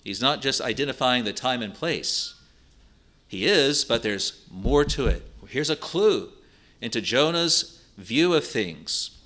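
A man's voice: medium pitch, expressive, sharp tone. A man preaching a sermon, explaining a Bible passage earnestly and driving points home through repetition. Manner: slow, earnest Bible exposition with emphatic repetition.

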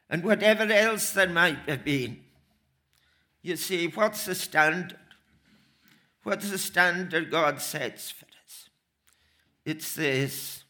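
Slow, emphatic male preacher. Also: on the high side, animated, pushed and bright. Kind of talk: sermon.

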